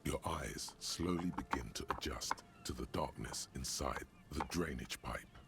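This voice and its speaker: An actor voicing the narrator of a detective video game, speaking in a deep, gravelly, measured way. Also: male voice, background noise, exaggerated voice. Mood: ominous. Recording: voice over game music.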